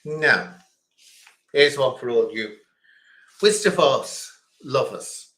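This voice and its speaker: A man's voice: medium pitch, animated, takes it slowly, pauses often, pushed and bright, roomy sound. A man hosting a casual quiz stream, chatting and rambling between questions. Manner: chatty, rambling, chuckling asides. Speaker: quiz host.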